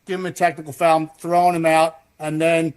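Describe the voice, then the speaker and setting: A man, a former basketball referee, telling a story in a measured, matter-of-fact way in a recorded interview. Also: a little high, little pitch movement.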